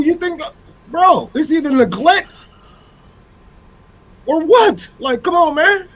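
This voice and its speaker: Casting: high-voiced man, fiery activist, profane, hammering repetition. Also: animated, very slow, pauses often, a bit bright, poor audio. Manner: fiery, profane, repeats phrases for emphasis. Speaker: activist panelist. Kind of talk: impassioned political rant.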